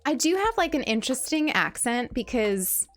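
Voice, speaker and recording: A young woman from New York with a light New York accent, chatting casually with her stream audience while she plays, bubbly and quick to laugh. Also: high-pitched, big pitch swings, faint music behind. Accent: New York, softened. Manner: bubbly, chatty, laughs often, restarts words. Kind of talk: casual chat while gaming.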